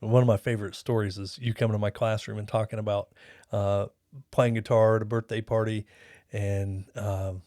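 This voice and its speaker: A man's voice: on the low side, level tone, normal speed, a little mellow, dry recording, studio quality. A man hosting a podcast, talking in an earnest, reflective, rambling way. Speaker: podcast host. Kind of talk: casual interview chat.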